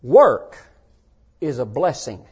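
An older man preaching a folksy sermon to young people, swinging between shouted points and hushed asides. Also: medium pitch, sing-song, slow pace, slightly rough. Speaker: pastor. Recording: dull lo-fi sound.

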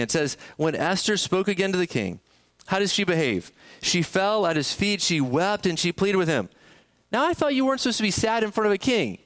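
A high-pitched, slightly bright male voice belongs to a pastor preaching in a church sanctuary. He keeps the sermon conversational and often asks the congregation questions.

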